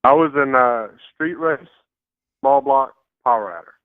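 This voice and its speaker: Man, phone-line sound, dry, relaxed explaining, mid pitch. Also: a little slow, dry recording. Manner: relaxed, explains plainly with fillers. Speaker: guest racer on phone. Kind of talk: casual phone interview.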